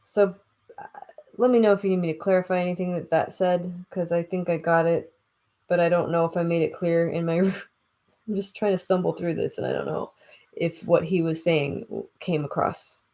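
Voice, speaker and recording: A woman's voice: fairly low pitch, fairly even intonation, moderate pace, mellow. A woman reading a classic novel aloud and breaking off for casual, chatty asides, stumbling over old words and laughing at herself. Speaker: audiobook reader.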